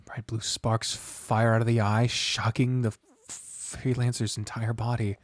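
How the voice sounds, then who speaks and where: A game master narrating a tabletop game on a live stream in a hushed, dramatic storytelling manner. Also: medium pitch, flat delivery, measured pace, hardly any pauses, no room sound, studio quality.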